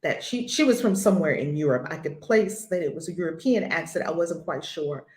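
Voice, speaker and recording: Older female spiritual teacher, forthright and emphatic, slightly low voice, roomy recording. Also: expressive, a little fast. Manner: blunt, emphatic, repeats key phrases. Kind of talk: spoken spiritual lesson.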